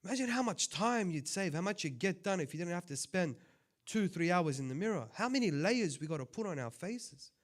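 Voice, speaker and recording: Preacher with big loud-quiet swings. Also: male voice, high-pitched, lively intonation, fairly quick. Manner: conversational, swings between loud appeals and quiet asides. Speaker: sheikh giving a religious talk. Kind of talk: sermon.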